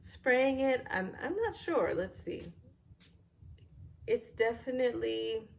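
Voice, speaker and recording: A woman reviewing fragrances in a casual, thoughtful way, often pausing with "um" while searching for words, at home near a fireplace. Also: on the high side, expressive, creaky.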